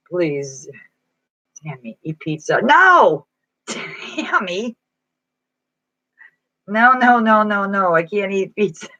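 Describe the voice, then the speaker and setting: Poor audio with no room sound captures a woman's fairly low, slightly bright voice. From an indoor room at home, she livestreams as a psychic reader, reading comments out loud and chatting back casually in a weak, foggy-minded way.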